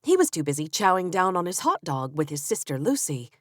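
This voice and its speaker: A woman's voice: fairly low pitch, sing-song, brisk, no room sound, clean studio sound. A woman narrating a lighthearted first-person mystery audiobook in a wry, understated way.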